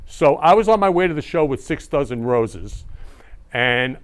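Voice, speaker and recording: A man's voice: a little high, expressive, moderate pace, clean tone. A man hosting a talk show, effusive and emotional, repeating words of love and close to tears.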